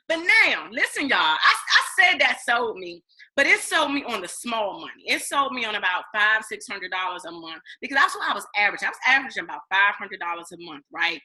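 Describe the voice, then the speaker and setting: Thirties woman, bright and fairly high voice, lively testimonial vlogger who re-enacts her own reactions. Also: moderate pace, rough recording. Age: 30s. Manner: animated storytelling, acts out her past self, addresses viewers as y'all. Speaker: network marketing distributor. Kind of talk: casual testimonial vlog.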